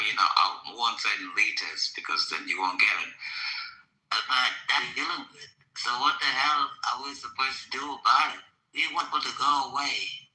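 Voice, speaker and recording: A man rants in casual conversation with a sharp, tense, very bright voice. He is emphatic and swears freely, circling back over the same points. The sound is roomy, with echo around him. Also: mid-range voice. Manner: emphatic, profane and repetitive. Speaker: podcast guest.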